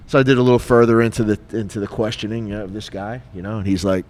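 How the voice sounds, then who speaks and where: A middle-aged retired police officer co-hosting a podcast, telling a story in a lively, casual way and acting out the dialogue. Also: male voice, lowish voice, quick pace. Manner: animated, acts out dialogue, frequent fillers.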